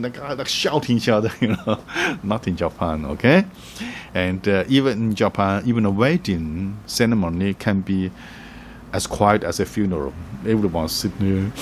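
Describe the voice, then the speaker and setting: Low-voiced man giving chatty travel tips. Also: darkish tone, slight background noise. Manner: chuckles often, acts out little quoted voices; halting, many fillers and restarts. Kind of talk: casual explaining to camera.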